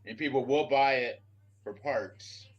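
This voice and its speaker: A man giving practical advice in casual live stream chat, speaking plainly with some halting restarts. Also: medium pitch, lo-fi sound.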